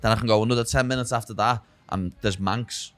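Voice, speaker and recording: A man's voice: lowish voice, fairly even intonation, fairly quick, fairly bright tone, no echo. A young man from Liverpool with a Scouse accent, chatting as a podcast guest, dropping "lad" and "know what I mean" constantly. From Liverpool, England. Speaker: guest, UFC fighter. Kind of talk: casual chat.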